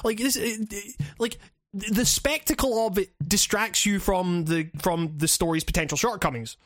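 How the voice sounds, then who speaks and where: A man's voice: sits high, moderate pace, fairly bright tone, dry recording, studio quality. A man ranting about a game in casual chat, rambling and swearing with many restarts. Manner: rambling, profane, frequent restarts.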